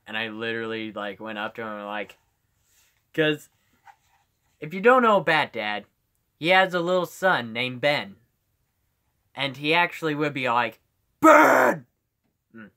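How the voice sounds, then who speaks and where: A man's voice: mid-range voice, sharp tone, clean tone. A male streamer chatting casually on a live stream, rambling and giggling, with lots of "like".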